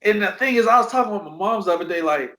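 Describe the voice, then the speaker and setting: A man's voice: sits high, lively intonation, rapid-fire, sharp tone, a little hiss or hum. A man chatting casually on a podcast, laughing often and swearing freely. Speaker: podcast guest. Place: his home in Dallas. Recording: echoey room.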